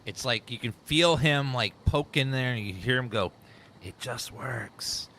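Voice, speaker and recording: A man's voice: medium pitch, moderate pace. A man casually commentating a game as a streamer, rambling and chatting with his viewers. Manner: rambling, chatty, talks to chat. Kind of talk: casual let's play commentary. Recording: game sound loud underneath.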